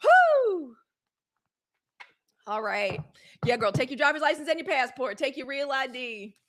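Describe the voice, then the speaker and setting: A high-pitched woman hosting a live streamed news show, talking in a loose, casual way straight to her audience. She is chatty and outspoken, and she slips easily into blunt, profane rants. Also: fairly quick, a bit bright. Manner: chatty, outspoken, addresses viewers as y'all and girl.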